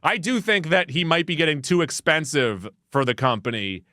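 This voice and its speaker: Lively, bright-voiced man co-hosting movie news. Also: a little high, normal speed, no room sound, clean studio sound. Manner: wry, joking delivery. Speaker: podcast co-host reading the news. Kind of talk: casual movie news chat.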